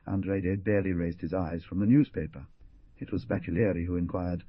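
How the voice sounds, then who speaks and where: Husky low-voiced male audiobook narrator. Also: moderate pace, no echo, muffled recording. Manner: expressive storytelling. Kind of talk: scripted narration.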